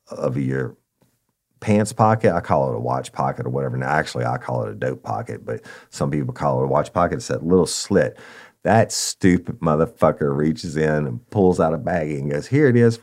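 A man's voice: a bass voice, normal speed, a little mellow. A man telling a story in a blunt, profane, casual way, talking straight to his listeners. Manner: blunt, profane, conversational, addresses listeners as y'all. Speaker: podcast storyteller, former cop.

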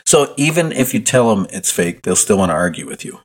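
A man's voice: sits low, very animated, brisk, hardly any pauses. A man chatting as a podcast guest, dry and matter-of-fact. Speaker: guest, retired wrestler. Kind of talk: casual chat.

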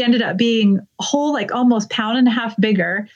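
Earnest woman telling a personal story. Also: fairly high pitch. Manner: earnest, emotional retelling, quick bursts. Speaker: guest. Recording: dull lo-fi sound.

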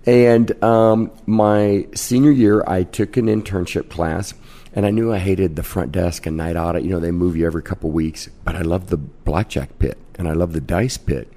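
Gravelly, deep-voiced man telling brash stories. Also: normal speed. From Kansas. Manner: brash, animated anecdote-teller. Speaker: casino host, interview guest. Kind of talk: podcast interview storytelling.

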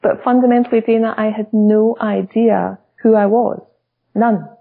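A woman's voice: a little high, steady tone, moderate pace, creaky, slightly rough. A Scottish woman guest, a coach, telling her story candidly and reflectively. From Scotland. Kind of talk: interview storytelling. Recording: dull lo-fi audio.

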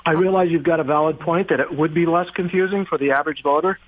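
Male radio caller, earnest and apologetic, phone-line sound, slightly high voice. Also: fast talker, no room sound. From Oregon. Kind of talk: phone-in call. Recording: tinny phone line on speakerphone.

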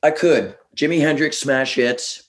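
A middle-aged man chatting as a guest, animated and laughing, slipping into quick voices as he tells stories. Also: a little high. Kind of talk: casual chat, storytelling.

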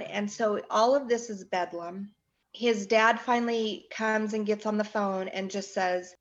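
Woman in her forties, slow grieving storyteller, muffled lo-fi sound. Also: mid-range voice, steady tone. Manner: slow, halting, with restarts. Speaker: guest recounting her son's death. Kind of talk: emotional personal account.

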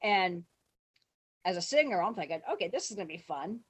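Animated woman telling a story. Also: on the low side, a little fast, slightly rough. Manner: animated, acts out quotes with big shouts; swears freely, laughs while telling. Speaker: guest telling stories. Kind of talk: casual storytelling.

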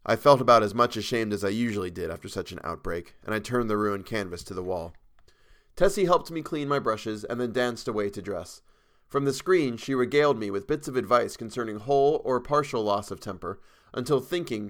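A man reading a horror story aloud as a podcast narrator, measured and even with a dark dramatic weight. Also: on the low side.

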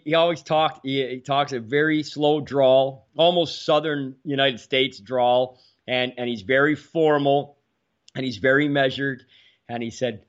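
A man around sixty hosts a casual sports talk show, spinning hockey stories with animated energy and frequent repeated words. His voice sits at a middle pitch. The recording is slightly dull and lo-fi. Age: about 60.

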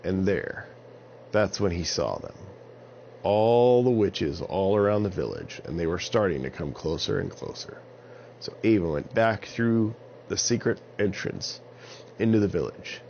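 A man narrating an improvised children's story in an animated way. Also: low voice, measured pace, vocal fry. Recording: slightly dull lo-fi sound with faint hiss.

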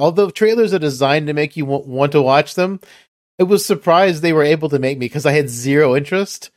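A man hosting a podcast in casual chat, rambling and halting and chuckling often. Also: a little high, no room sound, studio quality. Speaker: podcast host.

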